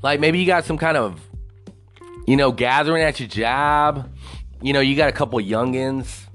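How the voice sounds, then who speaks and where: A man hosts a podcast on his own in a casual solo rant, rambling, swearing a lot, and laughing at his own jokes. His voice is medium-pitched and a bit bright at normal speed, with soft music in the background.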